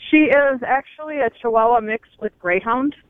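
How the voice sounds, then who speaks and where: A woman's voice: a little high, moderate pace, dry recording, phone-quality sound. A caller to a radio pet show, asking politely about her dog. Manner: polite, brief.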